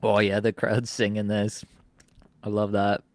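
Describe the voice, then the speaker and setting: Low-voiced man chatting on a stream. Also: measured pace, no echo. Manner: excitable, laughs often. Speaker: co-host. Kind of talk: casual live-stream chat.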